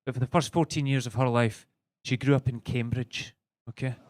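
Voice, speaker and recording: A man's voice: mid-range voice, fairly even intonation, normal speed, darkish tone. A young Scottish man performing a rambling stand-up set on a comedy club stage, often stammering and restarting. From Scotland.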